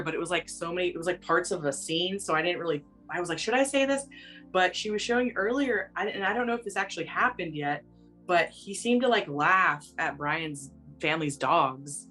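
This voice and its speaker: A woman working as a psychic medium, talking in a gentle, meandering way full of fillers, with soft music behind her. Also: on the low side, normal speed. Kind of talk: casual spoken reading.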